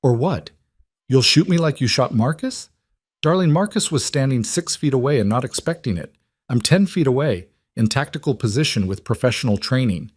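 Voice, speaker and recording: A man reading the lines of a calm, cultured female assassin who taunts her target. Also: mid-range voice, normal speed, no room sound, pitched above the performer's own voice, natural voice. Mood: cold.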